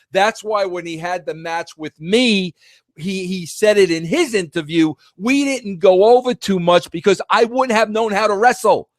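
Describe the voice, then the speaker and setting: Podcast host, man, middle-aged, slightly high voice, dry close mic, emphatic storyteller. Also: dry recording. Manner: animated, emphatic, repeats words, addresses listeners as guys. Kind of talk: casual storytelling monologue.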